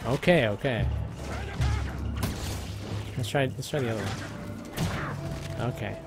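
A man streaming a fighting game, casually talking through his moves to the chat and muttering to himself between bursts of excitement. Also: mid-range voice, slow pace, gravelly. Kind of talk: casual live stream commentary. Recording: music playing behind the voice.

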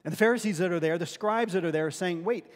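A high-voiced man talks fast as he preaches a sermon. The pastor earnestly teaches from scripture, often restarting his words, and his voice echoes with a long hall reverb.

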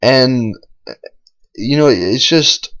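A man's voice: medium pitch, lively intonation, very slow, a bit bright. Rambling, boastful man doing game commentary. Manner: rambling, boastful and profane, with many fillers and restarts. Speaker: gameplay commentator. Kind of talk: casual voice-over commentary on gameplay. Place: voice-over recorded over game footage.

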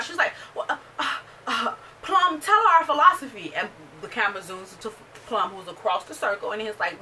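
A woman talks through a TV episode in a casual, animated way, jumping into the characters' lines as she retells them. Her voice is bright. She sits a little back from the mic, and faint noise runs behind her. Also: mid-range voice, far from the mic. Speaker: show reviewer. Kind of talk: casual chat, recapping an episode.

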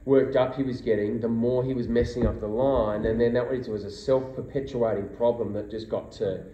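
An Australian man in casual chat as a guest actor at a convention panel, telling animated anecdotes and acting out quotes. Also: moderate pace. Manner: animated storyteller, acts out quotes in a high voice. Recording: roomy hall, dull lo-fi sound, noisy.

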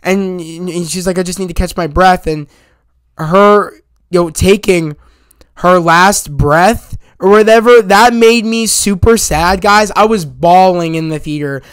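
Man, high smooth voice, dry close sound; rambling, emphatic movie reviewer full of fillers. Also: a little slow, fairly bright tone, dry recording. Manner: rambling, emphatic retelling with many fillers and casual swearing. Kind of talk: casual spoken movie review.

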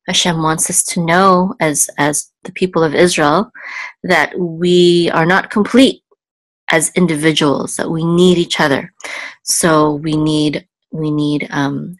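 A woman teaching biblical Hebrew word by word, slow and careful, with many ums and restarts. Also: sits low, dry recording, rough recording. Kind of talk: patient word-by-word lesson.

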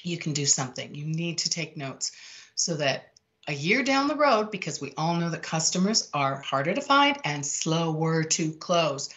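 Emphatic female sales coach, lowish voice, dull lo-fi recording. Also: normal speed. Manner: emphatic, repetitive, animated delivery. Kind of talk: energetic sales tips talk. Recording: dull lo-fi sound.

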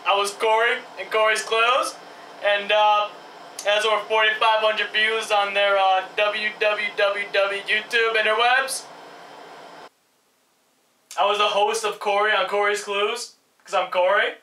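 A man with a high, bright voice hosting a comedy web series. He rambles in a dramatic, flustered way. The sound is echoey and distant, with faint music behind him. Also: little pitch movement, a little slow, a little hiss or hum. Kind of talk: comedy sketch acting.

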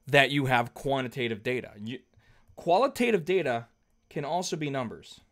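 A man's voice: mid-range voice, lively intonation, normal speed, a bit bright. A man teaching a math lesson at a whiteboard, conversational and patient, often checking in with the class. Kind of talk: whiteboard lecture.

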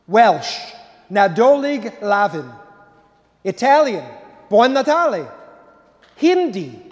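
A high-voiced man speaks slowly and jovially as pastor, wrapping up Mass with playful asides and greetings. His voice carries through a long, reverberant church hall. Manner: jovial, warm-hearted delivery with playful asides. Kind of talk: closing remarks and blessing at Mass. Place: large church.

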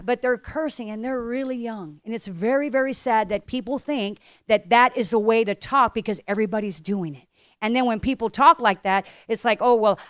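A woman's voice: a little high, clear, resonant tone, no room sound, studio quality. A middle-aged woman pastor preaching a sermon with emphatic repetition and rhetorical questions. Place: church.

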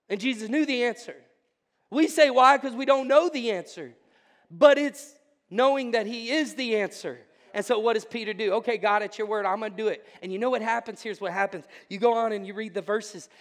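Male pastor, sermon delivery, dynamic swings from hush to exclamation; church sanctuary with lingering reverb. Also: extremely high pitch. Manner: swings between hushed intensity and loud exclamation.

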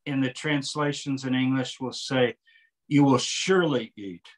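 A man's voice: medium pitch, unhurried. An older man, a translator interviewed about his work, explaining eagerly and quoting passages aloud. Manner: animated, explains with examples and quoted readings. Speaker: author and translator, interview guest. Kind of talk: conversational interview.

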